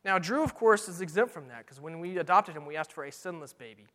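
A middle-aged man preaching a sermon in a church, earnest and emphatic, slowing down to read scripture. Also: fairly high pitch, lively intonation, sharp tone. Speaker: pastor. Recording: long hall reverb.

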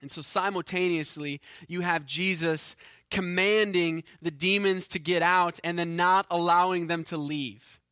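A man preaching from the pulpit in a high, bright, ringing voice. He swings from forceful emphasis to low, quiet intensity and stumbles through repeated words. The sound is close and dry, with no room echo. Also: fairly even intonation, measured pace, clear, resonant tone. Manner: earnest, builds to forceful emphasis then drops low and quiet. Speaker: pastor. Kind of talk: sermon.

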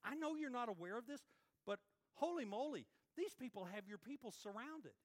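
A man's voice: very high-pitched, lively intonation, normal speed, voice pushed up. A man voicing an ancient male prophet who complains to God sarcastically. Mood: sarcastic. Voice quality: wry, sarcastic.

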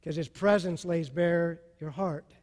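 This unhurried sermon comes from a male pastor whose high, ringing voice surges with passion, then falls back to near-whispers. Every phrase lingers in the long reverb of a big hall as he moves between soft and loud.

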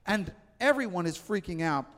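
A man delivers a sermon in a big church hall, and his voice rings out with a long reverb. He talks in a loose, animated, conversational way and slips into quick voices for the people he quotes. His voice sits a little higher than most men's. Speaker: pastor.

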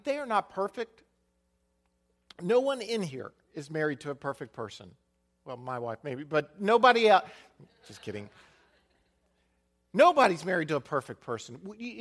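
A man preaching a sermon as pastor, animated, dropping to a quiet voice for emphasis and muttering to act out complaining people. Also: sits high.

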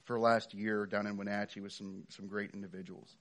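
A man's voice: lowish voice, little pitch movement, brisk, a bit bright. A middle-aged man preaching a sermon in a conversational way, with frequent fillers and restarts. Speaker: pastor.

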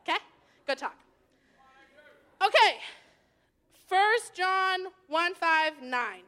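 Bright-voiced young woman preaching. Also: extremely high pitch, lively intonation, drawn-out words. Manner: bubbly, chatty, jumps between loud and hushed asides. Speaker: youth leader. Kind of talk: youth sermon.

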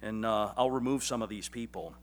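A man voicing an impulsive male disciple, eager to take charge, talking in hurried, stammering bravado. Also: lowish voice, natural voice.

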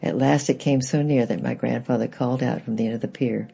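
A man reading a children's book aloud in gentle, plain storybook narration, with a husky, gravelly voice. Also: mid-range voice, level tone, normal speed, muffled recording.

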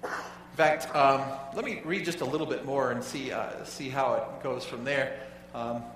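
Halting pastor in an echoing sanctuary. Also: male voice, medium pitch, a bit bright, slight background noise. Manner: conversational, halting, repeats words. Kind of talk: sermon. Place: church sanctuary. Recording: echoey hall, voice from far off.

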